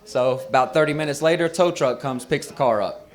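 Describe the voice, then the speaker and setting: A man's voice: fairly high pitch, a little fast. A man doing a brash, profane stand-up set at an open mic on a bar stage. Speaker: stand-up comedian.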